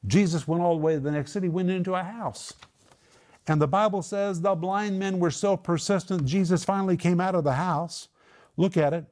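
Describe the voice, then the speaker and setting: Male preacher, lively sermon delivery, acts out the voices in his stories, voice sits a bit high. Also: moderate pace. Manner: animated, acts out voices of the people in the story.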